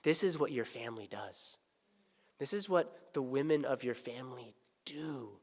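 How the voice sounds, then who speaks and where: A man's voice: medium pitch, expressive, normal speed. Male pastor preaching in a reverberant church. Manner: swings from hushed to loud, pleading emphasis. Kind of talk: sermon. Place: church sanctuary. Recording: church sanctuary with long reverb.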